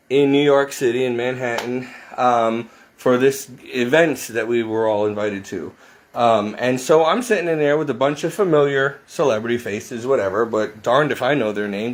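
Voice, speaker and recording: A man vlogging a casual story from inside a house, rambling and interrupting himself, laughing often. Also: medium pitch.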